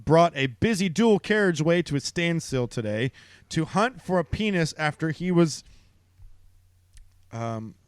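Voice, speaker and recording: A man's voice: fairly high pitch, clear, resonant tone, dry recording, studio quality. A man reading a news story aloud in casual chat, laughing often and mocking how the article is written. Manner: laughs often and breaks off to mock the article's writing. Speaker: podcast co-host.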